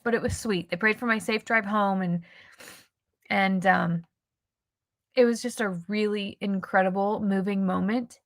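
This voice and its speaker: A woman's voice: mid-range voice, fairly even intonation, measured pace, dry recording. A woman telling a personal story in a casual, emotional, chatty vlog style, quoting the people she met. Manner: chatty, emotional, quotes people in her stories. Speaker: YouTuber.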